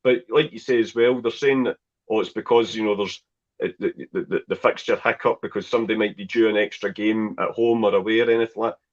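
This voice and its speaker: A man's voice: on the low side, fairly even intonation, quick pace. A man co-hosting a football podcast, sounding exasperated and dismissive. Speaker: podcast co-host. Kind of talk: casual football podcast chat. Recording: dull lo-fi podcast audio.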